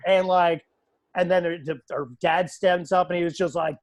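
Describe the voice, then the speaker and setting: Male PA announcer, slightly higher voice, animated storyteller, dry video-call audio. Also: brisk, dry recording. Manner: animated, acts out quoted voices.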